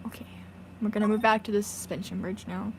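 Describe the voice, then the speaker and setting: A woman's voice: mid-range voice, steady tone, fast, slight background noise. A young woman streamer chatting casually and poking fun at herself while playing a game. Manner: giggly, self-mocking. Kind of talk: casual let's-play commentary.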